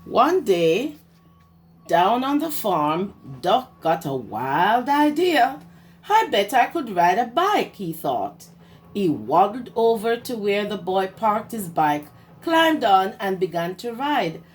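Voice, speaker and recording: A woman preschool teacher reading a picture book aloud to young children in a slow, sing-song storytelling way. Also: medium pitch, big pitch swings.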